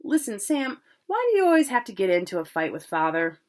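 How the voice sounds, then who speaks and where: A woman's voice: fairly high pitch, big pitch swings, fairly quick, darkish tone, voice pushed up. A woman voicing a stubborn young farm boy who scolds and nags his older brother. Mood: nagging.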